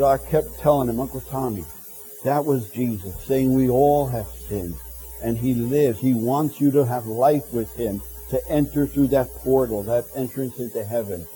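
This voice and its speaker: A man preaching a sermon in church, telling a personal story earnestly with halting restarts, growing quiet and tender toward the end. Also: medium pitch, rough recording. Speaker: pastor.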